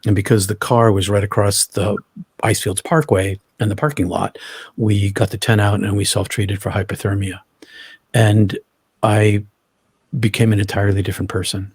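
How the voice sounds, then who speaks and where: A man telling his own story as an interview guest, halting, often restarting and repeating words. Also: lowish voice, little pitch movement, darkish tone, slightly rough, no room sound, studio quality.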